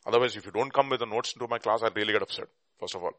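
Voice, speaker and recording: A man preaching a sermon and teaching a Bible class, emphatic, with rhetorical questions and bursts of loud stress. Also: fairly low pitch, very fast, dry recording.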